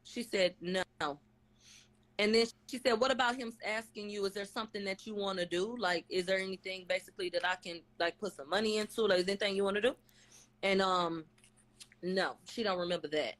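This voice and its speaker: A woman with a mid-range, slightly bright voice talks a little fast in a steady tone while vlogging a live court case recap. She rattles through what everyone said in a blunt, profane, slangy manner, voicing the testimony quotes theatrically.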